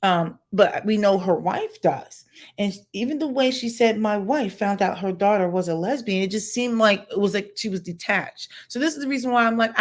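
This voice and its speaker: A woman's voice: medium pitch, normal speed. Blunt, opinionated woman commentator. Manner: emphatic, blunt, talks to viewers. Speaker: commentary livestreamer. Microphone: home livestream setup.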